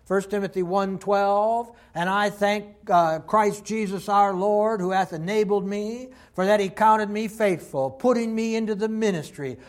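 High-voiced impassioned male preacher. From Texas. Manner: impassioned preaching, swinging from loud to hushed. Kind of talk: sermon.

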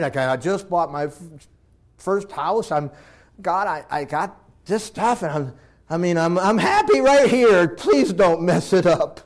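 Male preacher, fairly high voice, emotional sermon delivery, loud then hushed.

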